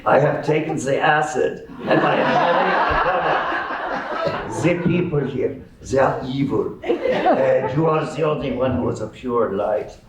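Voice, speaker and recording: A man's voice: medium pitch, a little slow, very noisy, voice pushed up, natural voice. A man voicing an intense old man with a thick German accent who is frightened on an acid trip and pleads and screeches. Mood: pleading. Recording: roomy sound from a distant mic.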